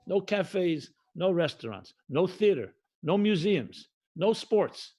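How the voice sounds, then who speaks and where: A rabbi with a high voice preaches in a steady, emphatic cadence. He is middle-aged, from the United States, and mixes Hebrew and Yiddish terms into his English. He drags out key phrases and repeats them for weight. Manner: slows and stretches key phrases. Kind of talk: livestreamed sermon.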